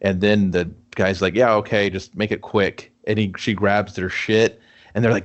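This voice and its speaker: A man's voice: fairly low pitch, fairly even intonation, normal speed. A man co-hosting a casual movie review podcast, joking crudely and slipping into mock voices as he recaps the plot. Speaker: podcast co-host.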